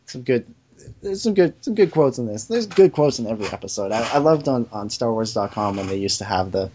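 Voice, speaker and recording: Lively-voiced man, hesitant podcast host. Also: medium pitch, brisk, a little hiss or hum. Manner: hesitant, with restarts and laughs. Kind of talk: casual chat. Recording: dull lo-fi sound.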